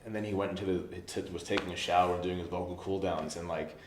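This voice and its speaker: A man telling an anecdote casually, animated and profane, laughing as he goes. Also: low-pitched, quick pace, roomy sound, background noise. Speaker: storytelling guest.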